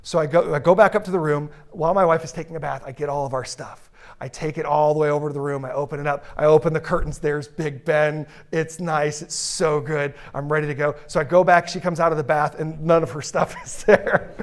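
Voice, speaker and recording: A middle-aged man giving a humorous keynote talk, telling stories and acting out the people in them with big swings in his voice. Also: fairly quick. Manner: animated, acts out characters in stories; lively, dramatic pitch swings. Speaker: keynote speaker.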